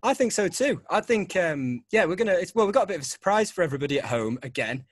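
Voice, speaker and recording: A man's voice: high voice, very animated, quick pace, no echo. A young man hosting a podcast, chatting casually, rambling and laughing often. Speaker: podcast host. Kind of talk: casual chat.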